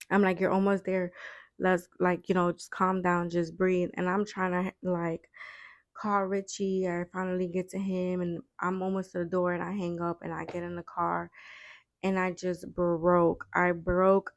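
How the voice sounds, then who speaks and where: A young woman with a low, gravelly voice tells a painful personal story. She talks in a halting way, repeating herself and filling gaps with fillers, her tone flat and heavy with grief. The sound is close and dry. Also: no room sound, muffled recording. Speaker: vlogger.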